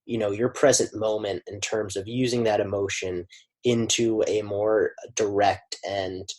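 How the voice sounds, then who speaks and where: A man's voice: fairly low pitch, fairly even intonation, measured pace, darkish tone. A man hosting a podcast, agreeable, with frequent "you know". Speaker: podcast host. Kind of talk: conversational interview.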